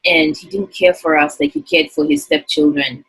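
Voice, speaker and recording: A woman's voice: low-pitched, steady tone, normal speed, fairly bright tone, husky, low-quality recording. A woman from Zambia, earnestly and reflectively telling a personal story in an interview. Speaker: interview guest.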